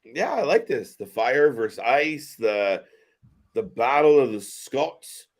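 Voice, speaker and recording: Male stream co-host, lively up-and-down delivery, jokey and profane. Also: mid-range voice, takes it slowly. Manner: joking, laughs often, swears freely. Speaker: co-host of a wrestling watch-along stream. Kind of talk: casual live-stream commentary.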